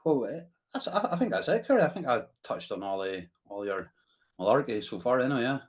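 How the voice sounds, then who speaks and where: A man's voice: mid-range voice, sing-song, a little fast. A man with a northern Scottish accent, hosting a podcast in casual, rambling chat with frequent laughs. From Scotland. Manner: chatty, rambling, laughs often, tag questions. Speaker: podcast host.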